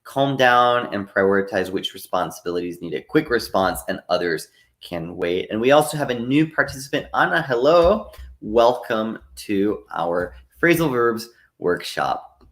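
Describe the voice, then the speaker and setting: A man with a fairly low voice teaches live over a computer mic. He talks slowly and patiently, with lots of "uh" between phrases, as he explains phrasal verbs and answers questions from the chat. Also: lively intonation, a bit bright. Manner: reads out and answers chat comments. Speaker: online English teacher. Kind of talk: live online language lesson.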